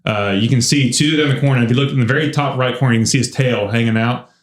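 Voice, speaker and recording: Male podcast host, mid-pitched, animated storyteller, recorded in a roomy space. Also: rapid-fire. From United States. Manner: animated storyteller, laughs often. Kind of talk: casual storytelling chat. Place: church podcast studio. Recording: roomy echo.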